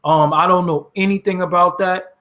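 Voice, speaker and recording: A man talking straight to his audience in a casual, blunt, profane way, his voice climbing into loud exasperation when he vents. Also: sits high, steady tone, moderate pace, highs cut off. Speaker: host answering his audience. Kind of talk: casual direct-to-camera talk.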